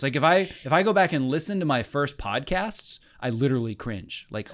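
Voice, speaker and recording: A man's voice: on the high side, big pitch swings, moderate pace, a bit bright. A man speaking as a podcast guest, talking in an earnest, emphatic way like a motivational coach. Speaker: guest, film editor and coach. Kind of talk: podcast conversation.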